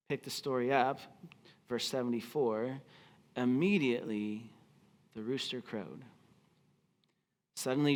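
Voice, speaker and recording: A man preaching a sermon as pastor, telling the story expressively and acting out the quoted lines. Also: mid-range voice. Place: church auditorium.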